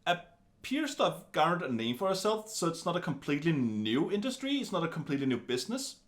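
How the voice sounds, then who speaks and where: A man giving a casual film review in an animated, wry way, full of chatty asides. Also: on the high side, fairly quick.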